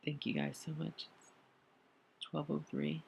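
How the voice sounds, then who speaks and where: Tearful man with a gravelly, husky voice. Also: fairly high pitch, level tone, muffled recording. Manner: halting and emotional, with many pauses and fillers; grateful, soft-spoken confession. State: crying. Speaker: vlogger. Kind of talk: personal video diary.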